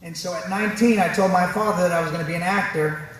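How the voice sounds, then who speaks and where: A man delivering a comedic commencement speech, telling animated stories in a higher voice. His words come from a distance through a heavy, booming echo. Audience noise sits clearly behind him. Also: fast talker. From New York City. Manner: animated storyteller doing funny voices. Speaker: commencement speaker. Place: large ceremony venue. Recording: very echoey venue, distant mic, audience noise.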